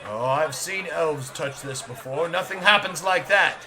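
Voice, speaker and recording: A man's voice: on the high side, unhurried, sharp tone. A man voicing a blunt, suspicious village guard at a tabletop game. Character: gruff small-town male village guard.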